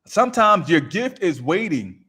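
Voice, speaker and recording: A man's voice: sits high, very animated, a little slow, pushed and bright. A man giving an emphatic, repetitive motivational coaching talk on a live stream, speaking into a microphone. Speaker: raw vegan coach.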